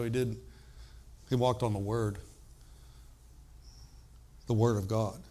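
An older man preaching a sermon, animated and emphatic, moving between loud outbursts and hushed, slow emphasis. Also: mid-range voice.

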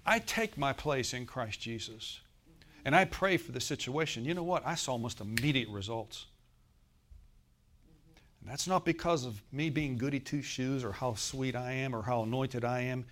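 A man, a pastor, preaching a sermon in a folksy way, speaking straight to the congregation and swinging from loud emphatic bursts to soft murmured asides. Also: medium pitch, normal speed.

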